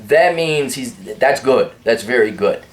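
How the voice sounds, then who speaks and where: A man's voice: medium pitch, lively intonation, a little slow. A man hosting a casual opinion monologue in a blunt, crude and sardonic way. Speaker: host.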